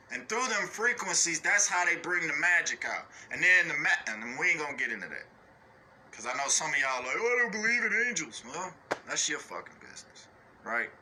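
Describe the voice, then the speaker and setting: Blunt profane man ranting, bright voice. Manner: blunt, profane, repeats "you know what I'm saying"; mocks others in high put-on voices. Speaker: online ranter. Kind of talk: unscripted rant.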